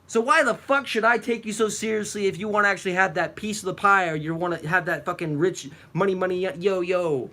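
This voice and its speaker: A man hosting a reaction video, delivering an angry, profane rant at a clip, sometimes shouting. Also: sits high, brisk, hardly any pauses. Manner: furious and profane, at times shouting.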